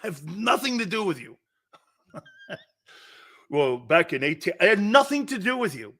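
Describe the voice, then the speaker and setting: A man hosting a sports talk show, rambling loudly, laughing at his own jokes and calling out to an off-mic producer. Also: sits high, big pitch swings, normal speed.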